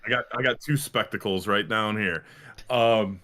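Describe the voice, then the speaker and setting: A man's voice: fairly low pitch, moderate pace, sharp tone. A man co-hosting a podcast in casual chat, rambling and swearing with lots of fillers and restarts. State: a little winded. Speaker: podcast co-host.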